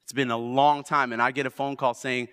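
Pastor preaching in a booming hall. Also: male voice, little pitch movement, brisk, clean tone. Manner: swings from loud exhortation to hushed storytelling. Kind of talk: sermon. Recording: long reverb of a large hall.

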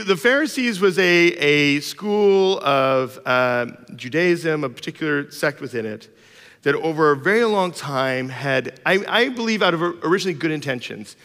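A man's voice: fairly high pitch, fairly bright tone. Man preaching a chatty, humorous sermon. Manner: humorous, informal storytelling with many fillers. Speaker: pastor. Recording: long reverb of a large hall.

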